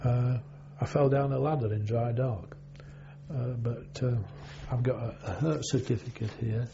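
Speaking for an oral history, an older man who was once a navy sailor rambles through his recollections, pausing and filling gaps often. The voice is mid-range and gravelly, its intonation fairly even. A faint hum sits under the dull, lo-fi sound.

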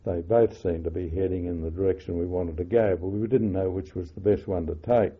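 An older man recalling wartime memories in an oral history interview, halting with many fillers and self-corrections. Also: sits low, fairly even intonation, slightly rough. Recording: muffled phone-like lo-fi audio.

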